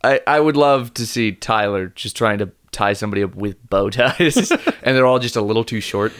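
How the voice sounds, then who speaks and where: A man's voice: fairly low pitch, animated, moderate pace, a bit bright. Giggly man riffing casually. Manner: giggly, spins absurd bits. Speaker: podcast co-host. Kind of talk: casual comedic chat.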